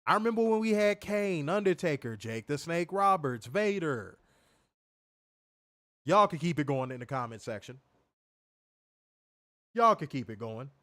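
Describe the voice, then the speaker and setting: A man's voice: fairly high pitch, very animated, unhurried, pauses often, a bit bright, no room sound. A man hosting a live wrestling review stream, talking casually and profanely, repeating himself and reading viewer comments aloud. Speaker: wrestling show reviewer on a livestream.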